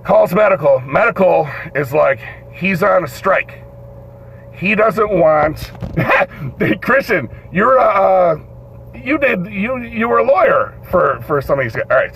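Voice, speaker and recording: A man hosting a live show, telling a story in an animated way, swearing and acting out the voices in it. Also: sits high, a little slow, gravelly. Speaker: host. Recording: dull lo-fi stream audio with faint noise.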